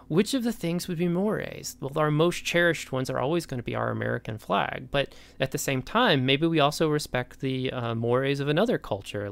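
A male college lecturer with a gravelly, fry-edged voice at an ordinary pitch. He talks to his students casually, drifting into asides. The sound is close and dry. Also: no echo. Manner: casual, conversational and digressive, speaks directly to students. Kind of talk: recorded lecture.

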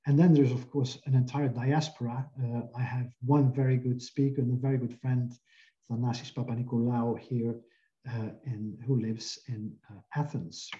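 A man's voice: mid-range voice, flat delivery, moderate pace, dark tone, muffled recording. A man giving an academic linguistics lecture, explaining slides step by step. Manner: explanatory, walking through slides. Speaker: linguistics professor.

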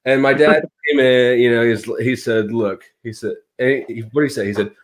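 A man's voice: mid-range voice, steady tone, normal speed. A man in casual conversation, telling blunt childhood stories, swearing freely and laughing as he talks. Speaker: guest.

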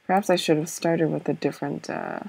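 A woman talks slowly through her own puzzle-game play. Her low voice is gravelly and husky, and she thinks aloud in a hesitant, self-doubting way, full of fillers and repeated okays. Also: steady tone, a little mellow, rough recording. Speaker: let's play gamer. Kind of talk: thinking-aloud gameplay commentary.

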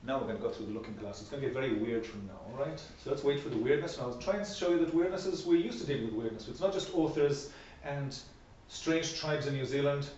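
A man's voice: medium pitch, quick pace, darkish tone, recorded from a distance, slight background noise. Man lecturing in a very echoey room. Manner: conversational, poses rhetorical questions. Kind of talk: academic workshop presentation. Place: seminar room. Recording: very echoey, dull room recording.

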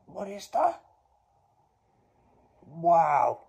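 A man chatting casually to viewers as he opens card packs, bursting into loud exclamations between quieter mumbled remarks. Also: on the low side, steady tone, a little slow, long pauses, breathy edge. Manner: slangy, chatty address to viewers. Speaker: YouTuber opening trading card packs. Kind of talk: casual vlog commentary.

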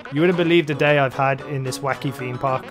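A man voicing a clumsy, cheerful plumber in a hammy mock Italian accent, whiny and pitched above his own voice. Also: steady tone, a little fast, music in the background, lightly acted. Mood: goofy.

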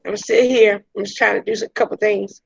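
A woman's voice: medium pitch, level tone, brisk, creaky, husky, lo-fi sound. A woman teacher talking casually to her class over a video call, taking the roll and introducing herself in a chatty Southern US way. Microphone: video call audio.

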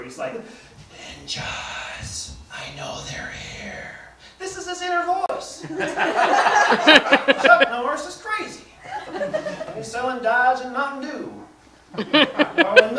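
A man performing a profane stand-up comedy set, rambling and swinging between low mumbles and loud bursts. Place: small theater stage. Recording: roomy, distant live club recording with audience noise.

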